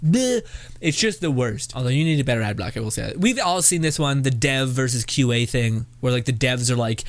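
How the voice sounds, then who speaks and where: A man's voice: medium pitch, fairly quick. A man hosting a casual reaction video who rambles, swears freely and keeps breaking into laughter.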